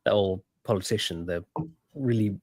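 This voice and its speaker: Low-voiced man, dry close sound. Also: normal speed, a little mellow, husky, dry recording. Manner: agreeable, chuckling asides. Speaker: podcast co-host. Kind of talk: casual chat.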